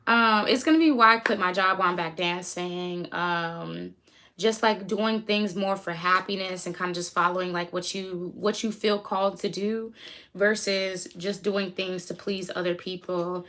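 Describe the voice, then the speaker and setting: A woman's voice: fairly low pitch, steady tone, a little slow, pushed and bright. A young American woman hosting a casual livestream, chatty and easily sidetracked, reading her chat aloud and hyping her friends. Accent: American English. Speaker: livestream host.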